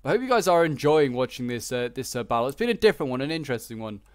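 A man with a medium-pitched voice and big pitch swings comments rapid-fire on a strategy game battle. He's chatty and rambling, packed with fillers like "like" and "uh," in clean studio sound with no echo.

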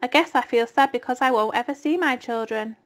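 A woman voicing a wise, weary female spider who speaks in a soft, measured way. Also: on the high side, close to an everyday voice. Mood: gentle.

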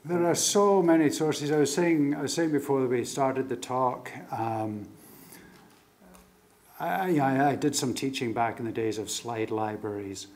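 A middle-aged male lecturer speaks at a mid-range pitch, recounting anecdotes with lively energy. He trips over his words and restarts often. A faint hiss sits behind the voice. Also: measured pace. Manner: animated storytelling with many stammered restarts. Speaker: guest lecturer. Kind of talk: public lecture and Q&A.

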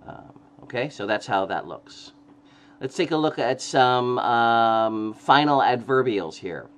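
A man's voice: mid-range voice, lively intonation, takes it slowly. A man lecturing on grammar, explaining step by step, often checking in with "okay?" and correcting himself as he goes. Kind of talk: recorded classroom lecture.

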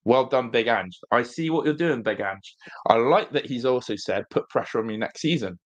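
Young male co-host, ordinary mid pitch, needling his rival in a football chat. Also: animated, normal speed, muffled recording. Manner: mocking, repetitive, needling. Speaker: football podcast co-host, fan. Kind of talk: casual football debate.

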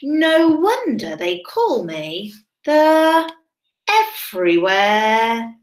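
A woman voicing a contented, well-travelled toy teddy bear, reflective and slow. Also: a little high, sing-song, exaggerated voice. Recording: roomy echo.

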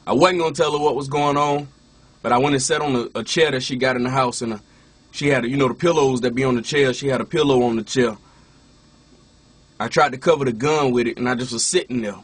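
A man's voice: mid-range voice, steady tone, fast talker, breathy edge. A man, a minister and former rapper, telling his personal testimony in a casual way, often saying "you know what I'm saying" and restarting his words.

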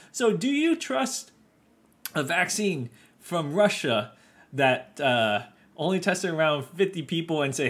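Casual man explaining stocks. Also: on the high side. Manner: explanatory, loose, with frequent fillers. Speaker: finance video host. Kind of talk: casual market commentary.

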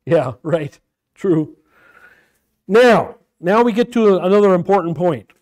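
Animated man teaching a Bible class. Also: high-pitched, slow. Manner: animated, questioning, repeats phrases.

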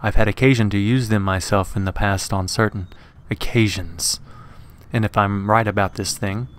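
A man voicing a grave male occult scholar who warns calmly and solemnly in a read-aloud horror story. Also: on the low side, normal speed, natural voice. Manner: calm, solemn warning.

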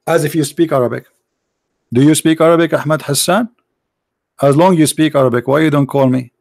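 Man, non-native English, sarcastic debate host, fairly high voice, dry sound. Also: fairly quick, vocal fry, a little mellow, dry recording. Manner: mocking, sarcastic, repeats "brother" often. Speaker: host of a call-in religious debate show. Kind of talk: heated live debate with callers.

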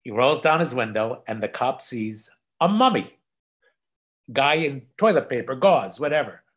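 Casting: male guest, lively storyteller, mid-pitch voice, video call. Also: normal speed. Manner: animated storyteller, drops to soft asides. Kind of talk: casual anecdote telling.

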